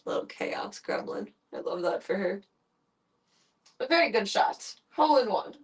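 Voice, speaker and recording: Woman streamer, casual and chatty, coos at pets, mid-pitched. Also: expressive, moderate pace, husky. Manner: chatty, coos and baby-talks to animals. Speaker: streamer working with animals. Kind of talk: casual live-stream chat.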